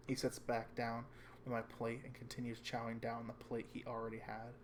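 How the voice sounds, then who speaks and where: A man reading a visual novel aloud with calm first-person narration. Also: mid-range voice, a little fast, slight background noise. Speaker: reader.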